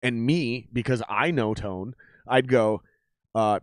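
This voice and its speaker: A man hosting a podcast in a casual, animated, profane talking style. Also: medium pitch, slow pace, no room sound, clean studio sound. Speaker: podcast host.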